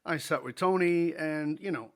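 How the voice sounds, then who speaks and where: A man's voice: a little high, moderate pace. A middle-aged man, a leadership speaker telling a story as a podcast guest, acting out the dialogue and laughing along. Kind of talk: conversational storytelling.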